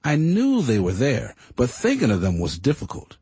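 A man's voice: mid-range voice, wildly swooping pitch, moderate pace, a little mellow, slightly rough, no echo. A man reading first-person audiobook narration in a reflective, earnest way.

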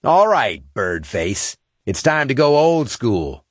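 A man voicing a battered, defiant human captain who shouts taunts at his enemy, for an audiobook. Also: mid-range voice, sing-song, slow, dry recording, studio quality, voice pushed up.

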